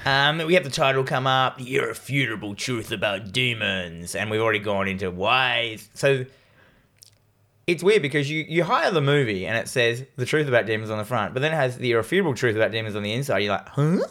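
A man in easy, casual conversation, walking through a movie scene by scene. He rambles, restarts and drops into quick mock voices for a joke. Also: mid-range voice, animated, a bit bright. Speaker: podcast co-host. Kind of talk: casual film review chat.

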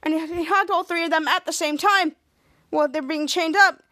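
A woman's voice: extremely high pitch, fairly quick, pushed and bright. A woman podcast host recapping a TV episode in a rambling, casual way, full of restarts.

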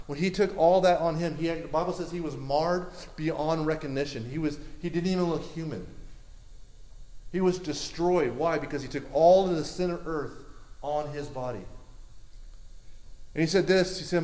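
A man preaching a sermon in a lively, conversational way, repeating words and asking the crowd questions. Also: fairly high pitch, normal speed, echoey room.

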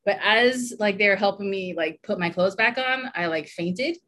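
A woman's voice: mid-range voice, normal speed, fairly bright tone, a little hiss or hum. Chatty woman telling a story, laughing. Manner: chatty, many fillers, laughs often. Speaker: guest telling a personal story. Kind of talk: casual podcast chat.

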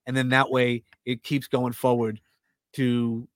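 Now the Brooklyn, New York podcaster speaks in a mid-range voice, a little slowly, over clean studio audio with no room sound. He chats casually and tells stories, acting out others' lines, with lots of restarts.

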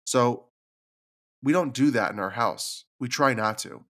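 A man hosts his own podcast in a reflective solo format, speaking earnestly and confidingly about his struggles. His voice is medium-pitched and fairly bright, with a measured pace, and he sometimes repeats words when moved.

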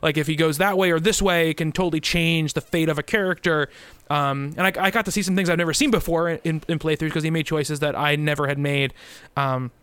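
A man's voice: fairly high pitch, fairly even intonation, a little fast, fairly bright tone, clear, resonant tone, no echo. A man co-hosting a gaming podcast, chatting casually and rambling with frequent fillers and restarts. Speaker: podcast co-host. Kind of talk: casual chat.

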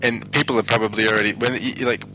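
Male host of a music review show, bright voice, rambling, laughs easily. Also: fairly low pitch, fairly even intonation, rapid-fire, a little hiss or hum, poor audio. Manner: rambling, laughing, loses his thread. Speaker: podcast host. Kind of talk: casual music review chat.

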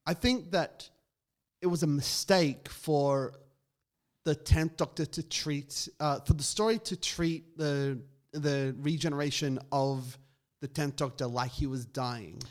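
A man's voice: on the high side, slow pace. A man co-hosting a casual fan podcast, opinionated and full of ums and restarts. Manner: opinionated, hesitant with many fillers. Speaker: podcast co-host.

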